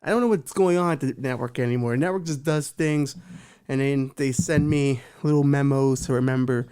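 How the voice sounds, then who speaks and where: A man's voice: medium pitch, fairly quick, a little mellow, clear, resonant tone. A young adult man hosting a comedic talk show, delivering a profane, joking monologue. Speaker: host.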